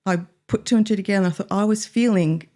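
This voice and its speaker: A woman's voice: mid-range voice, dark tone. A woman co-hosting a radio chat, talking in a reflective and emotional way about her own experiences. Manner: emotional, reflective, slow in places. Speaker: radio co-host.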